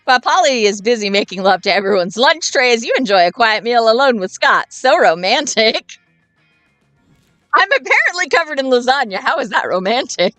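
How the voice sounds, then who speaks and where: A woman reading a dating game aloud and reacting with jokey, animated comments. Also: a little high, brisk, few pauses, dry recording, faint music behind. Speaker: let's-play gamer.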